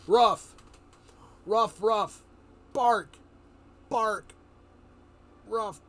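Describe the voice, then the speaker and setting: A man's voice: high voice, drawn-out words, pitched above the performer's own voice, heavily acted. A man doing a talking dog fake-barking. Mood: goofy. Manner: loud, says the words for dog sounds. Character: clumsy talking dog faking barks.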